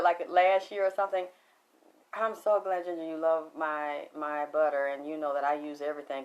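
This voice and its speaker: A middle-aged woman with a deep voice and a Southern Atlanta accent hosts a livestream, chatting casually. She laughs frequently and responds to viewer comments, and the audio sounds dull.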